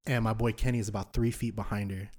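A young man in his twenties on a podcast, telling a drunk night-out story in animated, slangy chat full of swearing. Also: on the low side, quick pace. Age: 20s. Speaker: podcast host.

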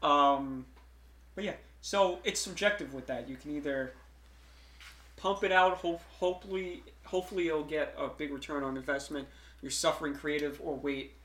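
Podcast host, male, chatty and rambling, slightly high voice, echoey room. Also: moderate pace, fairly bright tone. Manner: rambling, lots of fillers and restarts. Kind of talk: casual chat. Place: room streamed live.

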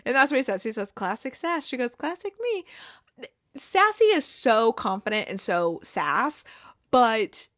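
A woman giving a casual, animated recap of a TV episode, swearing freely and acting out the characters' lines. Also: a little high, normal speed, no room sound, studio quality.

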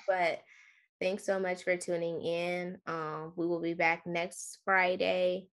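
A woman's voice: lowish voice, steady tone, slow pace. A woman co-hosting a casual podcast from home, a bit weak after being sick, talking in a laid-back way with fillers. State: recovering from illness, a bit weak. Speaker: podcast co-host. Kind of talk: casual chat. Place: at home, separate room.

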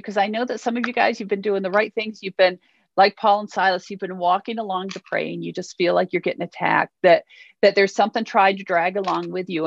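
A woman's voice: medium pitch, vocal fry, dry recording. A woman preaching a sermon in an earnest, encouraging way, reading scripture aloud and checking in with listeners. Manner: earnest, encouraging, frequent "okay?" check-ins. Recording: slightly muffled, dry.

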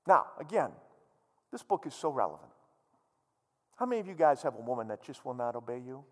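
A man preaching a sermon in an animated, humorous way, teasing his audience. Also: medium pitch, fairly quick, long pauses, in a large hall. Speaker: pastor.

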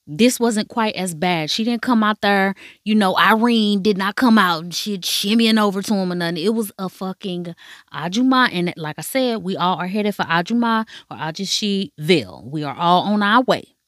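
A woman's voice: medium pitch, moderate pace, a bit bright, no room sound, clean studio sound. A woman hosting a podcast, giving a casual, profane recap of a drama with playful asides to listeners. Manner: frank, profane, chatty storytelling. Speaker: podcast host.

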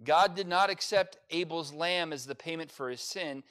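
A man's voice: a little high, normal speed, a bit bright, clear, resonant tone. A middle-aged man preaching a sermon as pastor, reading scripture and adding folksy, humorous asides. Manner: folksy, humorous asides with playful mock voices.

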